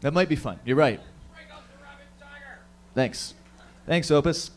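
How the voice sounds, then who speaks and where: On a comedy show stage in front of a live crowd, a man hosts a stand-up show, bantering loosely, swearing freely, and hyping up the audience. His voice is fairly high and animated, yet slow.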